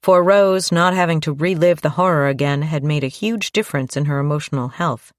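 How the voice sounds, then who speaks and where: A woman narrating a crime audiobook in a steady, measured read on a close mic. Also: low-pitched, no room sound. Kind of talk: scripted narration.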